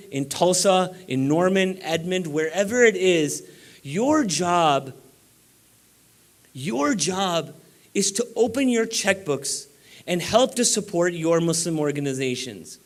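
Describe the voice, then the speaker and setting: A man giving a banquet keynote speech in a room of about four hundred people, urging the audience on with emphatic, exhorting delivery. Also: high voice. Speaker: keynote speaker.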